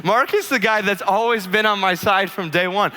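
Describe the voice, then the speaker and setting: An earnest, sweet young wife, insisting and repeating herself in a raised, bright voice, as a male preacher puts her on. The sound rings with the long reverb of a church hall. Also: high-pitched, extremely slow, voice pushed up, exaggerated voice. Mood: insistent.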